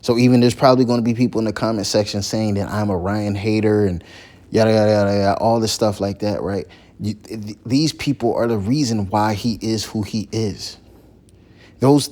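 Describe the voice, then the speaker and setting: Impassioned husky-voiced man ranting. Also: a little mellow. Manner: impassioned, repeats phrases, climbs high when heated. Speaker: YouTuber. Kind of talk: opinion vlog rant.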